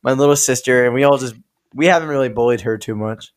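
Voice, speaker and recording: A man's voice: medium pitch, fast. A young man co-hosting a podcast, telling stories in a loose, rambling way, swearing and laughing often. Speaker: podcast co-host. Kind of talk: casual storytelling chat.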